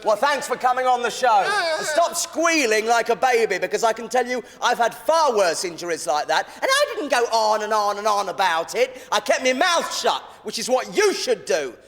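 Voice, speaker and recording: A man's voice: extremely high pitch, expressive, normal speed, few pauses, a bit bright, in a large hall, exaggerated voice. A man playing a pompous TV host who presides over his guests with theatrical self-importance.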